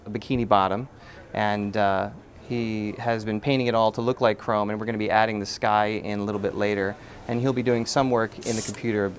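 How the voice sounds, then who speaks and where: A man in a behind-the-scenes feature who calmly explains background painting and gives notes to a painter, with many pauses. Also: on the low side, slight background noise.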